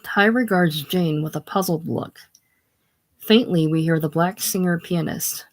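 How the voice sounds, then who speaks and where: A reader calmly reading narration and stage directions in a casual play reading. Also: medium pitch, unhurried.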